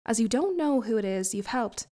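A woman's voice: on the high side, lively intonation, normal speed, dark tone, natural voice. A woman doing a worn-out sighing devil. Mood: grateful. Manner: sighing, complaining. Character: weary grumbling male devil in disguise.

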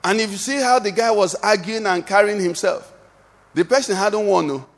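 A man preaching a sermon to a congregation, asking call-and-response questions and building to shouts. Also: high-pitched, normal speed. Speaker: pastor. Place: church. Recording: long hall reverb.

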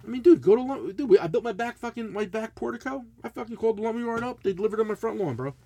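This middle-aged podcast co-host speaks fast in a high voice, with a little background noise behind him. He's chatting casually and ranting through a crude, blunt story, full of swearing and energy.

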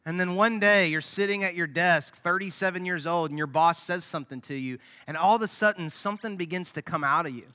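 A man with a high, bright voice preaches to his congregation in a casual, chatty way. He often slips into soft, quiet asides. His voice rings with the long reverb of a large church hall. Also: fairly quick, few pauses, clean tone. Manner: conversational preaching with sudden drops to soft asides. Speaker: pastor. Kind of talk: sermon.

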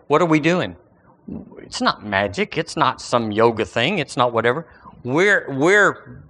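A man preaching a sermon in a folksy, animated way, full of everyday analogies. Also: on the high side.

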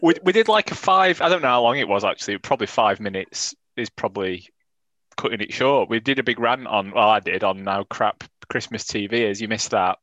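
A man's voice: on the low side, lively intonation, a little fast, fairly bright tone, no echo. Dry-sounding man, rambling. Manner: rambling, self-correcting, dry humour. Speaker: podcast co-host. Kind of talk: casual football podcast chat.

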